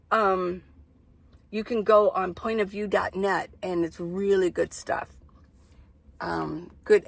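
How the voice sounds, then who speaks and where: A woman's voice: medium pitch, gravelly, husky, no room sound. A woman vlogging from inside her minivan, chatting casually and rambling through stories. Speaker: van-life vlogger. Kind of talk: casual chat to camera.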